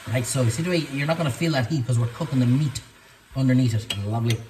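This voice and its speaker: A man's voice: medium pitch, quick pace, a little mellow, slight background noise. An Irish man hosting a casual cooking demonstration in his kitchen, chatty and playful, repeating words in a sing-song way. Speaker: cooking show host.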